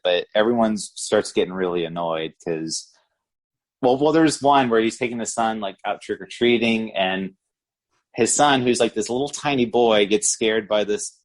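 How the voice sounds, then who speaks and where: A male podcast co-host with a somewhat low voice, talking through a movie in an easygoing, casual way. He restarts his sentences now and then and leans on "you know" as he goes. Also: moderate pace. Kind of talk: casual movie review chat.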